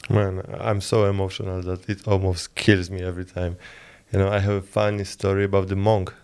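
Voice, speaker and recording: A man's voice: sits low, brisk, smooth. A man, a volleyball player and podcast co-host, telling a story casually and calling his friends "man". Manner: animated storyteller, says "man".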